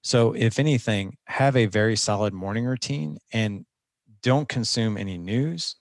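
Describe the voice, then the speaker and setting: Appearing as a guest coach in a conversational interview, a man speaks earnestly and instructively, frequently restarting his sentences. His voice is on the low side at a measured pace, recorded dry with studio quality.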